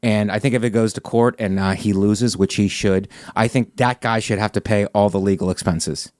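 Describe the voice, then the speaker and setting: A man hosting a podcast in casual chat, talking emphatically and getting animated when he argues a point. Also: fairly low pitch, normal speed, no room sound, studio quality. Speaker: podcast host.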